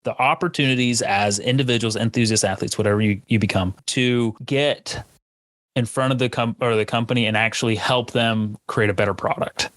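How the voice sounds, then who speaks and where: A man's voice: mid-range voice, fairly even intonation, fairly quick, fairly bright tone, no room sound, clean studio sound. A man hosting a podcast, chatting casually and enthusiastically with a guest. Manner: rambling, restarts, enthusiastic. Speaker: podcast host. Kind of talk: casual interview chat.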